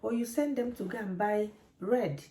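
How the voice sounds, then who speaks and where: A woman's voice: mid-range voice, moderate pace, mellow, a little hiss or hum. A woman, a mother, talking straight to camera with parenting advice, earnest and preachy and repeating her points. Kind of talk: direct-to-camera advice talk. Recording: echoey room.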